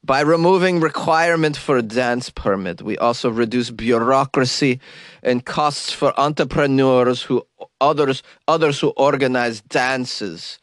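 A man's voice: medium pitch, no echo, studio quality, close to an everyday voice. A man with a cold doing a clumsy, German-tinged fake Swedish accent as a stiff government minister reading a statement. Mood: formal. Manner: slow, formal and stilted. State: has a cold.

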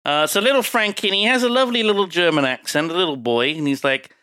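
Guy podcaster, swears a lot, drops low for asides, dry sound. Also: quick pace, bright, forceful tone, no echo. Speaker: podcast co-host. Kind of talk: casual film recap chat.

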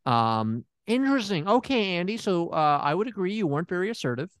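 A man improvising as a therapist in a comedy role-play, talking in a deadpan way. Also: brisk, smooth, no room sound, clean studio sound. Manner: deadpan, drops to a low mumbling voice as a put-on persona.

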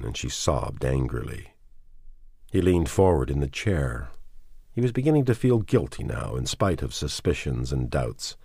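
Very deep-voiced male audiobook reader. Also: breathy edge, no echo, clean studio sound. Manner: expressive, measured storytelling. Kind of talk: dramatic audiobook reading.

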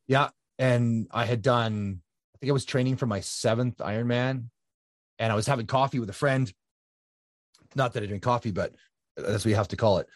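A man in his fifties telling his story in a casual interview, animated, with many fillers and restarts. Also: mid-range voice, moderate pace, dry recording, studio quality. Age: 50s. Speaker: guest, ultra-endurance triathlete.

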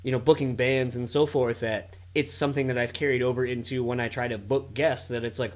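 Swearing thirty-something podcast host. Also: male voice, medium pitch, fairly even intonation, brisk. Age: 30s. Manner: swears freely, many "like" and "you know" fillers. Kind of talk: casual podcast chat.

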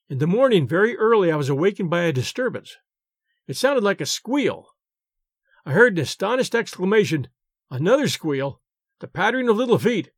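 A man narrating a short story audiobook in an expressive, animated way. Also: high voice, dry recording, clean studio sound.

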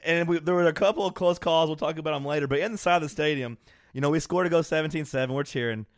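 A man with a fairly high voice tells a rowdy story in casual podcast chat. He acts out the quotes and laughs as he goes. His delivery is lively and loose. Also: fast talker, dry recording. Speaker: podcast co-host.

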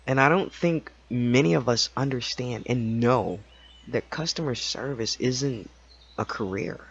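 An animated man tells a story in a casual podcast monologue. He acts out the people he quotes and laughs often. His pitch sits in the middle, and the recording sounds a little dull and lo-fi. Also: creaky, slightly rough. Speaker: podcast host.

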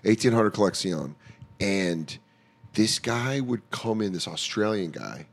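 A man on a casual podcast, telling lively stories with quick impressions and swearing. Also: on the low side. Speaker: podcast guest, comedian.

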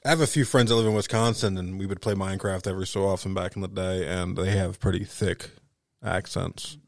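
A man's voice: deep voice, steady tone, brisk, creaky, no room sound. A man co-hosting a podcast, laid-back and drawling, trailing off with fillers. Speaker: podcast co-host. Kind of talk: casual chat.

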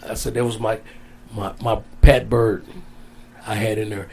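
A man's voice: on the low side, flat delivery, unhurried, vocal fry, dark tone, husky. A man as an interview guest, telling a long personal story in a casual, rambling way, repeating his phrases. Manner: rambling, repeats phrases, folksy Southern-style speech.

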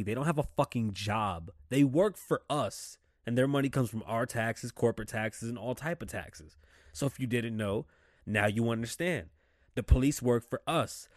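A man hosting his own show, talking casually and profanely about politics, getting heated and loud as he rants while sipping a drink. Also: medium pitch, dry recording, clean studio sound. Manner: profane, ranting, heats up and shouts when riled. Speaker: podcast host. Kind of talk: casual opinionated monologue.

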